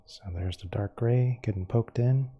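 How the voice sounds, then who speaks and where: A man teaching a painting lesson, explaining each step calmly and unhurriedly as he works. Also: medium pitch, a little slow, breathy edge, muffled recording. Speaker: painting instructor.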